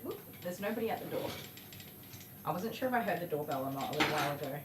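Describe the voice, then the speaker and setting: A woman calmly reassuring a dog while grooming, often hushing and whispering. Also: sits low, racing. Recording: roomy, distant, with noisy background.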